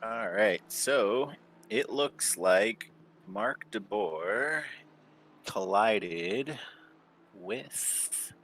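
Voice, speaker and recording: A man calmly calling an online sim race and plugging the channel. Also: on the low side. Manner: unhurried, easygoing, plugs the channel. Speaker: sim racing commentator. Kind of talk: casual esports race commentary.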